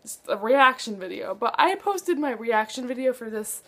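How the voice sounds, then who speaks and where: A woman's voice: fairly high pitch, animated, moderate pace. A young woman book vlogger chatting casually to camera, gushing and dramatic, with lots of "like".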